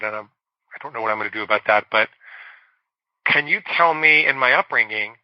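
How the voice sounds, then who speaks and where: A middle-aged man, a psychologist guest on a podcast, telling a candid personal story and slowing down on words he wants to stress. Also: medium pitch, dry recording, lo-fi sound. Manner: candid, confessional storytelling with slow emphatic stretches.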